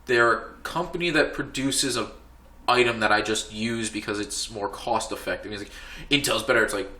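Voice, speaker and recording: A man's voice: on the low side, moderate pace, bright, forceful tone. A man from the United States hosting a casual podcast chat, rambling with lots of fillers and restarts. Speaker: podcast host. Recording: echoey room.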